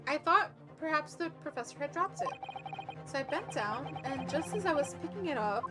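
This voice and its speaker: A woman's voice: high-pitched, lively intonation, normal speed, music in the background, low-quality recording. A woman voicing an earnest young man pleading his innocence in a courtroom game.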